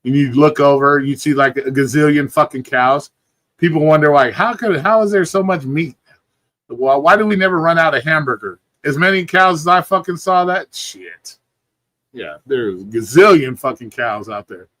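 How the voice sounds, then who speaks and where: A man's voice: a little high, normal speed, a bit bright, no room sound. Sleepy, rambling man talking casually at home. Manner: rambling, profane, laid-back storytelling. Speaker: livestream host. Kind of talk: casual chat.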